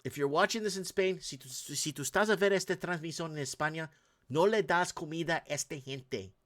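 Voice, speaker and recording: A man's voice: a little high, fairly quick, a bit bright. Ranting man hosting clip commentary. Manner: ranting, repetitive, talks straight to viewers. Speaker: host. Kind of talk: casual commentary over video clips.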